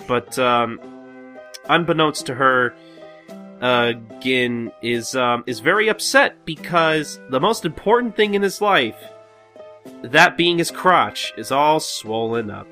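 A man's voice: mid-range voice, expressive, takes it slowly, pushed and bright, faint music behind. A man hosting a podcast, recapping manga chapters in a rambling, filler-heavy way. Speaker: podcast host. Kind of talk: casual manga recap chat.

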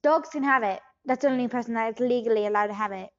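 A woman's voice: on the high side, quick pace, dull audio, close to an everyday voice. A woman improvising a bumbling scammer who poses as a doctor, rambling and switching accents. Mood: scheming. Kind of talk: improvised comedy interview.

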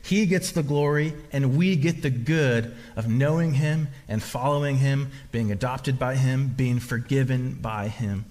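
A man's voice: mid-range voice, a little slow, hardly any pauses, darkish tone. A man preaching a sermon as pastor, emphatic and repetitive, often restarting his phrases. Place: church hall. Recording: long reverb of a large hall.

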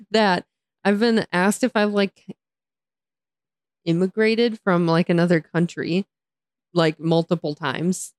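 A woman's voice: medium pitch, a little mellow, dry recording, studio quality. A young American woman co-hosting a podcast in casual chat, playful and laughing often. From United States. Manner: giggly, playful, jokey. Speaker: podcast co-host.

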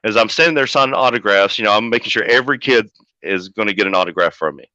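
A man who manages pro wrestlers, telling a story as a podcast guest in a profane, animated way. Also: lowish voice, fast talker, no room sound. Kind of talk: casual storytelling. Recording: dull lo-fi audio.

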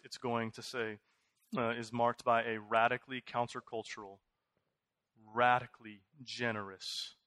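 Male pastor, thirties, bright and punchy, slightly high, casual restart-heavy preaching, dry close mic. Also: no room sound. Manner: conversational, animated, many fillers and restarts. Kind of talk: sermon.

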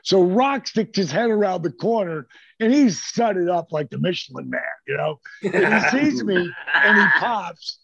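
Older male storyteller with a husky voice, rambling and salty, recorded dry and a bit dull. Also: sits high, expressive, unhurried, pushed and bright, dry recording. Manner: rambling, profane, acts out quoted lines. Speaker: storyteller guest. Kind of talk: casual anecdotal storytelling.

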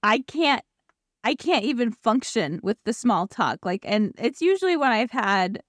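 A woman's voice: a little high, measured pace, no room sound, clean studio sound. Giggly woman chatting about a book. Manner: laughs often, animated quoted asides. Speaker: podcast co-host. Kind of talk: casual book discussion chat.

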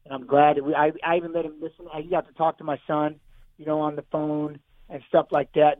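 A man's voice: fairly high pitch, dry recording. A man telling an emotional personal story as a radio guest, rambling and repeating himself over a phone call. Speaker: guest fighter. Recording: tinny phone line, dry.

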